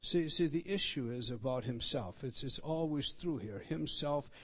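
Emphatic pastor preaching. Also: male voice, mid-range voice, animated, normal speed, husky. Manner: repetitive, emphatic teaching, pointing out words on a text; restarts and stresses words, rising loud on key points. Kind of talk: expository sermon.

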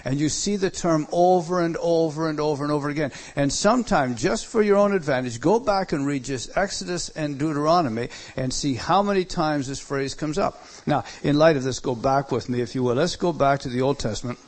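A man's voice: a little high, a little fast, hardly any pauses. Emphatic male pastor preaching. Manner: emphatic preaching, swings between loud and soft. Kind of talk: sermon.

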